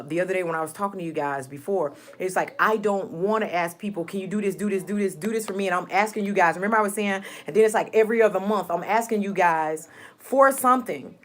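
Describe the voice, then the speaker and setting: Speaking on the low side with a fairly bright tone, this woman addresses her viewers in a casual, personal vlog. She's heartfelt and rambling, repeating things for emphasis.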